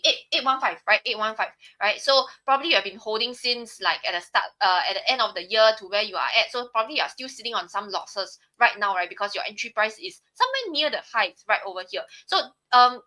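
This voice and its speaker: A woman's voice: a little high, sharp tone. A young woman with a Singaporean accent walking viewers through stock charts on a live stream, checking in often with "right?". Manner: explanatory, frequent "right?" tags. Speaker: trading analyst on a live stream.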